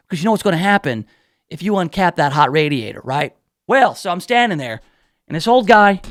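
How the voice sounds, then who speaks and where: Man, radio host, high voice, dry studio sound, rambling casual monologue, self-mocking. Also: fairly bright tone, dry recording. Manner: rambling, self-deprecating storytelling with many restarts. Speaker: radio talk show host.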